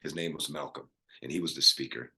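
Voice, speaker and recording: A middle-aged man, a podcast guest, telling a personal story in an earnest, animated way with many restarts. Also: extremely low pitch, brisk.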